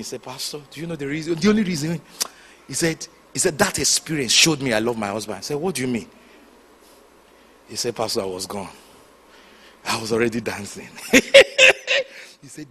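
A man preaching a sermon, telling stories with sudden shouts and hushed asides. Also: fairly high pitch, slight background noise. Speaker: pastor.

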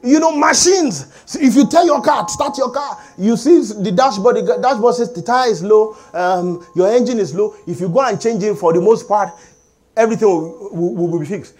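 A middle-aged man preaching a sermon as pastor, animated and calling for amens from the congregation. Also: sits high, moderate pace, soft background music. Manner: animated preaching with call-and-response.

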